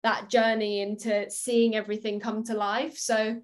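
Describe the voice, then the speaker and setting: A young woman actress, a guest in an interview, telling animated stories from a film shoot and laughing often. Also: mid-range voice, moderate pace. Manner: giggly, animated storytelling. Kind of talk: casual interview chat.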